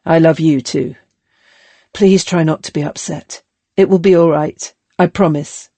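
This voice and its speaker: A woman's voice: low-pitched, fairly even intonation, measured pace, mellow, no room sound. A woman reading an anxious, tender male slave. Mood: soothing.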